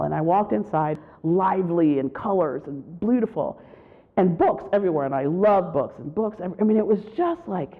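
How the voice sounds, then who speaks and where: A woman giving a spiritual retreat talk, telling a personal story with animated storytelling and acting out what people said. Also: on the low side, fairly quick. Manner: animated storytelling, acts out quotes. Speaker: retreat speaker. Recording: tinny phone-like sound.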